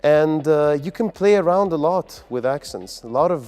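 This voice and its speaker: A man's voice: fairly high pitch, expressive, moderate pace, a little mellow. A man from the UAE, a comedian answering interview questions in an upbeat, earnest way. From United Arab Emirates. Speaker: comedian and guest.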